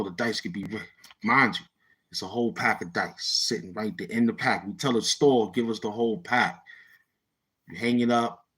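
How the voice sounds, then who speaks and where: A man with a New York City accent tells a neighborhood story in easygoing street slang and acts out the voices of his old friends. His voice sits low and carries a husky, breathy edge. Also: a bit bright. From Brownsville, Brooklyn, New York. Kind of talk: casual storytelling.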